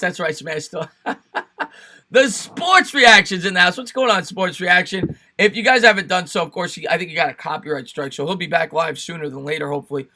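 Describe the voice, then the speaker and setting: A man's voice: high voice, sharp tone. Chatty New York man streaming sports talk. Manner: chatty, fan banter, thanks viewers by name. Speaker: sports live-stream host. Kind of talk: casual sports talk live stream, reading chat.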